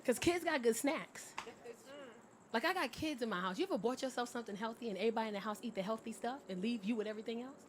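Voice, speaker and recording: A woman performing stand-up comedy, telling brash stories with loud bursts on a comedy club stage. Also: fairly high pitch, fast, a little hiss or hum.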